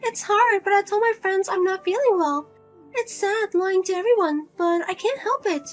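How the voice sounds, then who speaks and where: A woman's voice: very high-pitched, moderate pace, faint music behind. A woman playing a whiny, pushy mother. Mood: nagging, whiny. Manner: nagging, pleading, guilt-tripping. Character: pushy middle-aged mother, whiny and money-grabbing.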